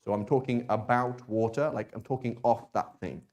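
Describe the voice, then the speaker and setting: A man teaching a beginners' language class in an unhurried, conversational way. He restarts his sentences often and keeps checking in with the students. His pitch sits in the middle of the range. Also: a little mellow. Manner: explains with many restarts and "right?" checks. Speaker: Arabic teacher. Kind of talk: classroom lesson.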